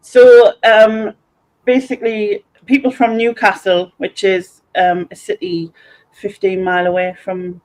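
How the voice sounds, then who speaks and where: A woman's voice: mid-range voice, level tone, measured pace, a little mellow, low-quality recording. A woman from North East England with a Sunderland accent, hosting a casual livestream and chatting while reading viewer comments aloud. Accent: Sunderland (Mackem). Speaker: livestream host.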